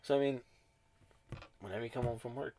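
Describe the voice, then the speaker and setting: A young man co-hosting a casual podcast, talking in a relaxed, reflective way and swearing now and then. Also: mid-range voice, a little fast, slight background noise. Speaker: podcast co-host. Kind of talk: casual chat.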